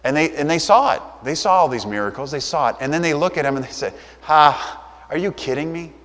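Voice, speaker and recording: A man's voice: on the high side, animated, fast, a bit bright. A man preaching a sermon as a pastor, speaking in a loose, conversational way and briefly acting out the voices of the people in his story. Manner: conversational, acts out quoted voices. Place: church. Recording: reverberant church hall.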